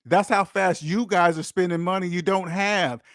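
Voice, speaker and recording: Speaking directly to his viewers, this finance channel host delivers a preachy monologue full of repetition, his voice a little high for a man and fairly bright. His tone stays steady at a normal speed, and the close, dry recording carries no room sound.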